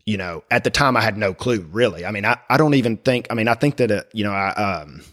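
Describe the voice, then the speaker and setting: A middle-aged man sharing his personal faith story in conversation, speaking haltingly with many fillers and restarts. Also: fairly low pitch, expressive, a bit bright. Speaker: guest.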